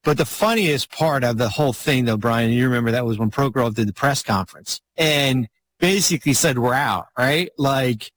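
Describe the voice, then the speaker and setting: Rambling, animated male storyteller. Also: moderate pace, a little hiss or hum. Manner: rambling, animated storyteller with sudden pitch jumps. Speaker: former basketball team executive. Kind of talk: casual storytelling chat.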